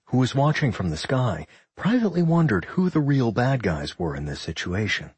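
A man narrating a fantasy audiobook in an expressive storytelling manner. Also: lowish voice, normal speed, few pauses, husky, dry recording.

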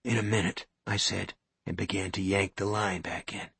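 A man reading a story aloud as narrator, with a measured, suspenseful delivery. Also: low voice, fairly even intonation, vocal fry, fairly bright tone, slightly rough, no echo. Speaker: audiobook narrator. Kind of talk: scripted narration.

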